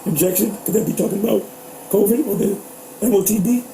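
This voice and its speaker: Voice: medium pitch, fast, vocal fry, mellow, slight background noise, low-quality recording. A co-host talking casually about politics, rambling, swearing and fumbling for words. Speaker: podcast co-host.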